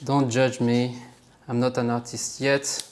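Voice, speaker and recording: A man's voice: medium pitch, little pitch movement, a little slow. A middle-aged man with a French accent, chatty and self-mocking, explaining supply chain jobs in a casual educational talk. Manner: upbeat, chatty, laughs at himself. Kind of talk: casual explainer while drawing on a board.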